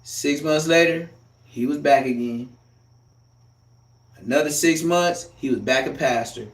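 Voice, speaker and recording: A man doing a loud, profane, heated comic rant as a live streamer, recorded in an echoey room. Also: on the high side, measured pace, recorded from a distance.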